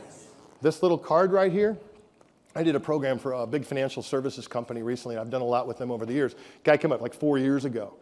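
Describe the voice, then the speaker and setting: A man giving a high-energy keynote speech to a live audience, punchy and repetitive, often firing questions at the crowd. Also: darkish tone. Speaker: motivational speaker. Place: large conference room with an audience. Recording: reverberant conference hall.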